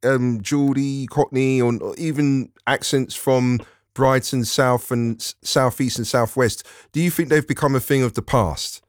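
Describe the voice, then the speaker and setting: A man's voice: medium pitch, steady tone, unhurried, no echo. Male radio host, friendly casual phone-in chat in a dry studio. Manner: friendly, casual, a few hesitations. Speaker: radio presenter.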